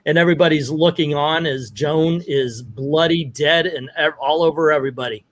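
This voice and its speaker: A man's voice: on the high side, normal speed. A man hosting a comic book video in casual chat, retelling a story and reading the dialogue aloud with rising emphasis. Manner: animated, reads quotes with rising emphasis.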